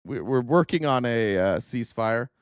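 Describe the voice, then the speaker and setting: A man's voice: mid-range voice, lively intonation, normal speed, clear, resonant tone, no room sound, studio quality. A man hosting a political commentary stream, ranting in a mocking, profane, heated way.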